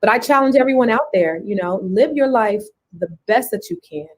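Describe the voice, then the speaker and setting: A woman's voice: a little high, lively intonation, brisk. A woman co-hosting a live talk show, chatting casually, affirming her partner and repeating phrases for emphasis. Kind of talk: casual chat.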